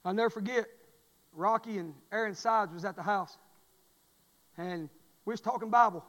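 A high-pitched man preaches in a church, his voice trailing off in a long hall reverb. He tells folksy stories and swings from quiet asides up to loud shouted refrains. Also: moderate pace. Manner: folksy, storytelling, rising to shouts. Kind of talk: sermon. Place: church sanctuary.

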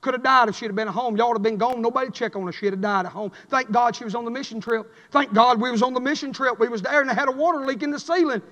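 A man preaching a fiery sermon, chanting and swinging between shouted lines and a low drawl. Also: rapid-fire, few pauses. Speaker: pastor. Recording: echoey church hall.

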